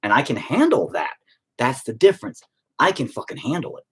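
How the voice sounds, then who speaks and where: Late-30s male streamer: husky, animated delivery, blunt profane rant. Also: medium pitch, fairly quick. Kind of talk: casual rant.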